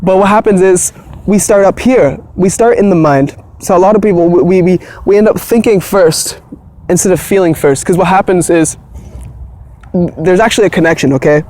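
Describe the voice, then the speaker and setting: A man's voice: high voice, normal speed, darkish tone. A man talking casually to camera about spirituality, earnest and reassuring, often repeating himself and checking in with "okay?". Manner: soothing, reassuring. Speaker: spiritual vlogger.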